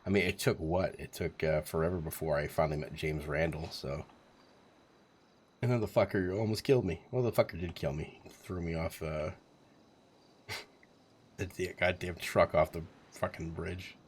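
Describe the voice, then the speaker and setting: Man, 40s, very low voice, rambling, profane, casual stream storytelling. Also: fairly even intonation, moderate pace, a little hiss or hum.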